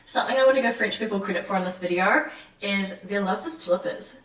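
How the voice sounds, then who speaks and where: A woman's voice: mid-range voice, quick pace. A young woman from New Zealand with a New Zealand accent, chatting animatedly in a casual vlog and acting out the people she quotes. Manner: animated, acts out quoted French voices. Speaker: vlogger. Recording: echoey room, mic at a distance.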